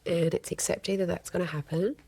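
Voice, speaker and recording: A woman's voice: on the low side, steady tone, brisk, gravelly, dark tone, husky, no room sound. A woman, a counselor speaking earnestly in a podcast interview and often voicing quoted speech. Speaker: family and child counselor, guest. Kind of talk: podcast interview, casual advice.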